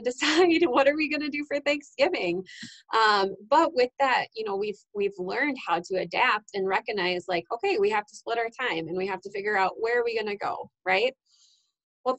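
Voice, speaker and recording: A woman's voice: mid-range voice, fairly bright tone, poor audio. Earnest woman giving a casual pep talk. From Iowa. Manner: earnest, with frequent "right?" and "um". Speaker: wellness vlogger.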